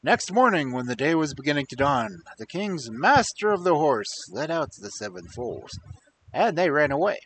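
Expressive man reading a fairy tale. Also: on the high side, moderate pace, a little hiss or hum, low-quality recording. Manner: expressive, dry wry asides. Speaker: storyteller.

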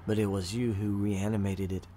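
A man reading the lines of a calm, unfazed woman adventurer, spoken in a flat, quiet way. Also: on the low side, moderate pace, slight background noise, close to an everyday voice. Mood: cool.

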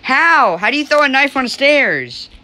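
A woman chatting casually while playing an online game, talking along and breaking into excited cries. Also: sits high, measured pace, a little hiss or hum. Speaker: gamer.

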